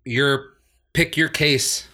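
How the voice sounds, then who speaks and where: A man hosting a casual gaming podcast, relaxed and chatty with plenty of fillers. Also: medium pitch, extremely slow. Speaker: podcast host.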